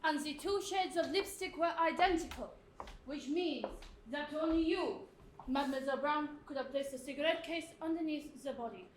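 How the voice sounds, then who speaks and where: A woman's voice: high-pitched, normal speed, close to an everyday voice. A woman playing a pompous male detective with a put-on French accent, on a theatre stage in a comedy sketch. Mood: smug. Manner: theatrical, mock-grand. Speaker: student actor. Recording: roomy theatre, audience noise.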